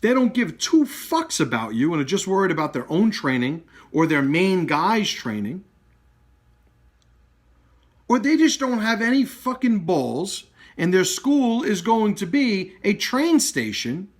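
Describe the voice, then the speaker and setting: A man's voice: high-pitched, sing-song, measured pace. A man who runs a martial arts school, ranting bluntly and swearing freely in a live video. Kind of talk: blunt, profane direct-to-camera rant.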